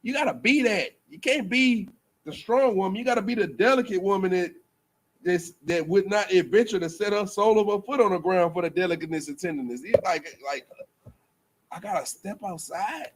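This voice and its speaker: Man with a fairly high voice preaching loose and rambly, lots of you know what im saying. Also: a little fast. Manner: rambling, repetitive, colloquial. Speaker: speaker in a group teaching session. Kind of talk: casual preaching talk.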